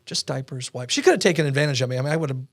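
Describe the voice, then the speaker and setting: A man telling his story as a podcast guest, animated and acting out the voices of people he quotes. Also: medium pitch, racing, no echo. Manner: animated, acts out quoted dialogue. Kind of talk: storytelling interview talk. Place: podcast studio.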